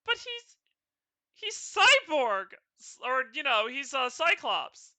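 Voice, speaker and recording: A woman's voice: high voice, big pitch swings, measured pace, sharp tone, no room sound. A woman streamer playing a detective game for the first time, chatting casually and reading the dialogue aloud in playful voices.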